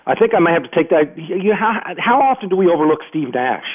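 A man's voice: fairly high pitch, big pitch swings, fast, phone-quality sound. A man hosting a call-in sports radio show, talking emphatically and often restarting his sentences.

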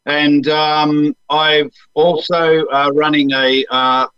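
A man with an Australian accent, an actor and acting coach, talking easygoing and relaxed in a podcast interview with many ums. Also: a little high, slow, clean tone, no echo, dull audio.

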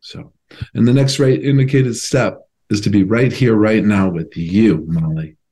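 A man, a former professional athlete, earnestly telling a personal story as a podcast guest, halting at times and acting out remembered conversations. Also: on the low side, mellow. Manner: earnest, halting, acts out remembered phone calls.

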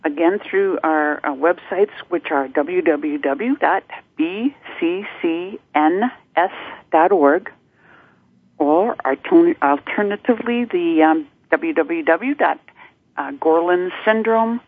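Guest: woman, measured and clinical, slightly husky, phone line. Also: on the low side, no room sound. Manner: informative, measured, clinical terms. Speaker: guest from a support network. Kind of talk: radio interview.

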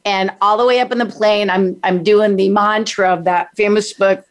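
A woman from San Diego, a guest on a podcast, speaking at a middle pitch. She tells her story in a lively way and acts out her inner dialogue as she goes. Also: normal speed. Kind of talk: motivational storytelling.

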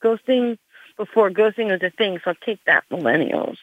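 Her mid-range voice is animated and moves at a normal clip as this Gen X comic, aged 40 to 50-something, wanders through a monologue, cutting herself off and leaning on "like" and other fillers. There's no echo, just tinny, dry, phone-style sound.

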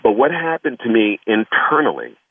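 A man's voice: medium pitch, very animated, normal speed, vocal fry, slightly rough, no room sound. A man telling his personal story earnestly and reflectively in an interview, heard over a phone line. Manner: earnest, reflective, lots of "you know". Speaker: guest, foundation founder. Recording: tinny phone line, distant from the mic.

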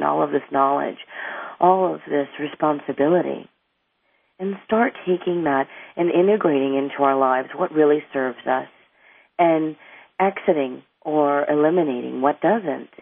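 A woman's voice: sits low, normal speed, gravelly, no echo. A middle-aged woman, an anger management coach, explains her ideas earnestly as an interview guest, rambling a little and restarting sentences. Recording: tinny phone line, dry.

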